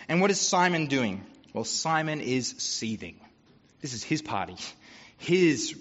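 A man preaches to his congregation, mixing jokes and anecdotes in an easy, conversational way. His voice sits a touch high. The recording is a bit dull and carries the long echo of a church hall. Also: fairly bright tone. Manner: humorous, conversational storytelling. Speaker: pastor. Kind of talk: sermon.

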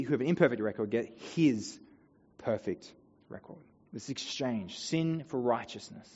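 A man preaching a sermon as a pastor, earnest, building to emphatic peaks and then dropping soft. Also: mid-range voice. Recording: dull sound in a long-reverb hall.

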